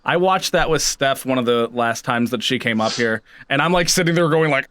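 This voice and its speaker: A young man chatting casually as a podcast co-host, acting out his own reactions in a squeaky voice. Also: fairly quick, hardly any pauses, background noise. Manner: animated, acts out quotes with squeaky high voice.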